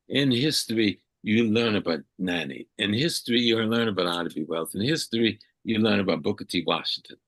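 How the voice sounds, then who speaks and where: A man's voice: sits low, fairly bright tone, husky, dry recording. An older man from South Carolina, an elder guest answering at length in an interview, emphatic and repeating phrases for weight. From South Carolina, USA.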